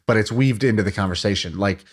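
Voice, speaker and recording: A man with a lowish voice co-hosting a podcast in relaxed chat. He thinks out loud, sounds puzzled at times, and often repeats himself mid-sentence. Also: fast talker, slightly rough. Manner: musing, puzzled, repeats words as he thinks aloud. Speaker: podcast co-host.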